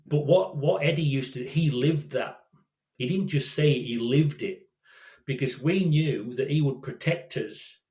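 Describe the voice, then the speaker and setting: A man's voice: medium pitch, darkish tone. A man in his sixties, a safety consultant, telling stories as an interview guest in a rambling way, restarting and repeating words. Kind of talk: storytelling in casual interview. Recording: echoey room.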